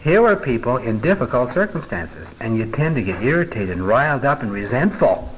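A man's voice: medium pitch, very animated, a little fast, a little hiss or hum, rough recording. A middle-aged man teaching a Bible passage in a folksy, conversational way, with joking asides and filler words.

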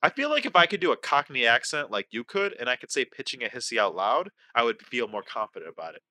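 A man chatting casually on a livestream quiz game, goofy and quick to swear, given to mock-outraged rants. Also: mid-range voice, very animated, sharp tone, no echo. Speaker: game contestant and stream co-host.

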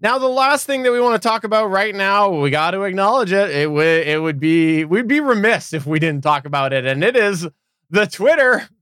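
Guy with a high voice on a podcast, dry close sound, trips over his words a bit. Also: lively intonation, a bit bright, smooth, no room sound. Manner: halting, restarts phrases. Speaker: podcast co-host. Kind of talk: casual chat.

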